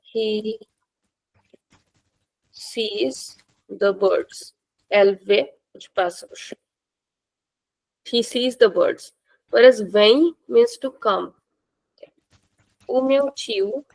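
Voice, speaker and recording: A woman teaching a language class, speaking slowly and patiently and repeating words for her students. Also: a little high, creaky, a little mellow, rough recording.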